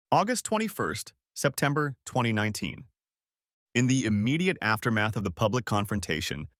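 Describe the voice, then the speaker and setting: A man narrating a first-person audio story in a measured, calm manner. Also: mid-range voice, no echo, clean studio sound.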